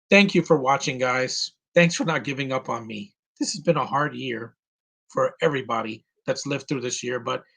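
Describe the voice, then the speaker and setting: A man in his thirties, near tears, giving an earnest and halting live commentary as host of his own stream. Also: mid-range voice, creaky, a bit bright. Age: 30s.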